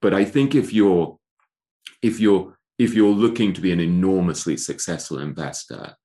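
A man's voice: low-pitched, moderate pace, dark tone. An English man being interviewed about his book on a podcast, speaking thoughtfully with frequent restarts and a self-deprecating touch. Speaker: author and guest.

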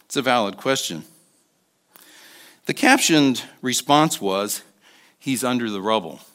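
A man in his sixties preaching as a guest speaker, telling a personal story with soft asides and emphatic bursts. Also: mid-range voice, lively intonation, unhurried. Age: 60s. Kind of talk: sermon.

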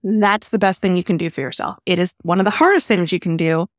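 A woman therapist hosting a podcast, calmly explaining advice in an earnest way. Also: lowish voice, fast talker, no echo, studio quality. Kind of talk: advice talk.

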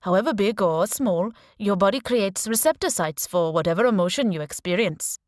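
A woman voicing a male scientist with a strong Indian accent, explaining with animated, filler-laced lecturing in an audiobook. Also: mid-range voice, normal speed, no room sound, clean studio sound, close to an everyday voice. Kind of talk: audiobook character voice.

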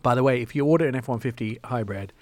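A man's voice: mid-range voice, fast talker, no room sound. A man hosting a radio show, chatting casually and enthusiastically, with jokey asides.

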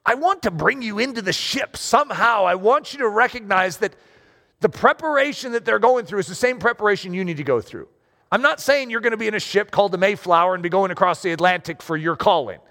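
A man preaching a sermon, talking in a lively, conversational way with self-deprecating asides. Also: high voice, fast, in a large hall. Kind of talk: sermon with story reading.

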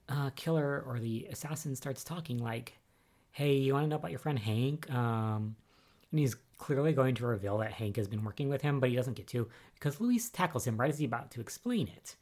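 A young adult podcaster talks through soap opera episodes in a loose, conversational recap. The delivery is chatty and easily exasperated, with lots of "like" and "um". The pitch sits in the middle of the range. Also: animated, normal speed, a little mellow.

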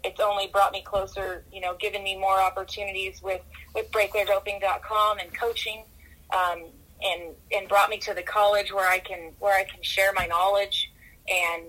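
A woman guest on a podcast, talkative and energetic, often restarting her sentences, who grew up in California. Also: mid-range voice, moderate pace, poor audio. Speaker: podcast guest, rodeo commissioner. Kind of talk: casual interview talk.

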